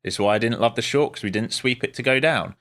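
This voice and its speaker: A man's voice: mid-range voice, fast talker, a bit bright. A man streaming live as a day trader, giving casual, wry commentary with muttered asides to his viewers.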